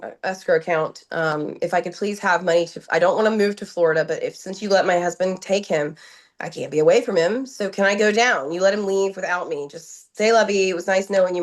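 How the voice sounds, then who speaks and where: A woman from New Jersey, a podcast guest, telling her story in an urgent, emotional way, full of restarts, repeated words and quoted dialogue. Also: on the low side. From New Jersey, USA.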